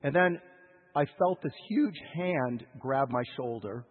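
A man preaching a sermon in a husky voice, telling a story with emotional swings between loud urgency and hushed lows, heard over a tinny radio broadcast. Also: animated, a little slow. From United States. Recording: tinny radio broadcast with long hall reverb.

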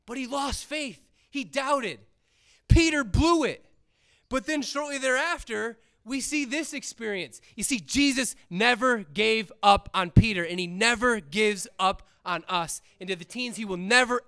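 A man with a very high, bright and crisply clear voice preaches to a young audience. He retells old stories in plain everyday words, earnest and conversational. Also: a little slow. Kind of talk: casual sermon retelling scripture.

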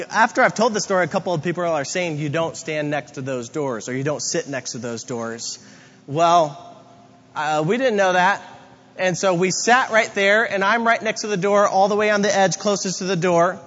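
A man with a fairly high voice preaches a sermon, slipping into animated acted-out asides as he tells his stories. He is recorded in a big reverberant hall, and the sound is dull and muffled. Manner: storytelling with animated quoted asides. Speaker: pastor.

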